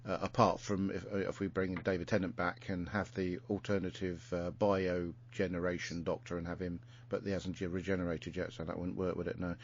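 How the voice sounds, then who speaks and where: Low-ish male host, casual rambling recap, muffled lo-fi sound. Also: little pitch movement, a little fast, hardly any pauses, slight background noise. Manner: rambling, many fillers and restarts. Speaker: podcast host. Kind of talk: casual chat recapping an episode. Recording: muffled lo-fi recording.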